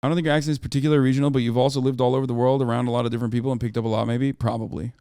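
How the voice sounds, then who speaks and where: A man's voice: medium pitch, little pitch movement, racing, mellow, clean tone, dry recording, clean studio sound. A man in his thirties giving casual, profane live-stream commentary on the news and reacting to his chat. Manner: brash, profane, riffing on chat.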